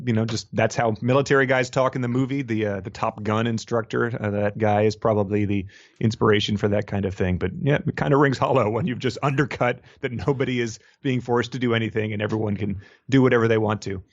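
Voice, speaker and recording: A man's voice: mid-range voice, steady tone, a little fast, no echo, muffled recording. A man co-hosting a podcast in casual chat, wry and rambling, laughing often. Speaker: podcast co-host.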